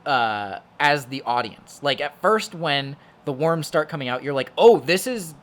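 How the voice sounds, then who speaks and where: At a measured pace, a young man with a mid-range, fairly bright voice co-hosts a podcast. His talk about a horror movie is casual and rambling, packed with fillers and profanity.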